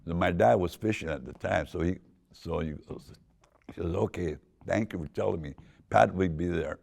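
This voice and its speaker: An older man from Southern California, with a deep voice, casually telling a rambling personal story full of restarts. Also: normal speed, darkish tone. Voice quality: deep gravelly voice. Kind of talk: casual spoken memoir.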